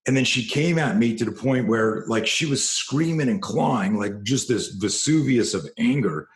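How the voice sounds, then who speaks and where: A middle-aged man, a self-defense trainer, telling a story in an interview and growing animated as it builds. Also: normal speed, reverberant. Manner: animated storyteller, rising in pitch and force when excited.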